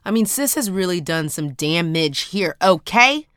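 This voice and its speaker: A woman's voice: fairly low pitch, measured pace, clean tone, no echo, clean studio sound. Dramatic, storytelling woman podcast host. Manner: dramatic, animated storytelling with slang.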